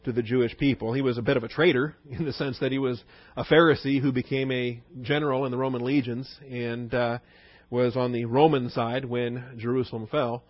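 A man with a steady, mid-range voice and a brisk pace acts as teacher in a conversational Bible study lecture, frequently asking the audience questions. The dull, dry recording has no room sound.

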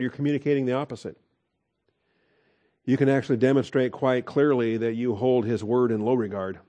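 Mellow-voiced man preaching conversationally. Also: mid-range voice. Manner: conversational preaching with fillers and rhetorical questions. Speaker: pastor. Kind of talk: sermon.

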